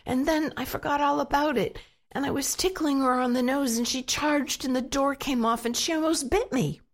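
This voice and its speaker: A woman voicing a frightened little boy who shouts for help and bawls. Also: fairly even intonation, moderate pace. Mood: whiny. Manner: high panicky shouting and bawling.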